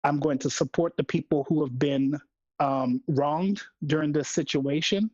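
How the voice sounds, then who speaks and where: A man's voice: on the high side, measured pace, darkish tone, dry recording. A man co-hosting a gaming podcast, giving his opinion in a firm, plain-spoken way. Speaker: podcast co-host. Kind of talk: casual podcast discussion. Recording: dull lo-fi dry sound.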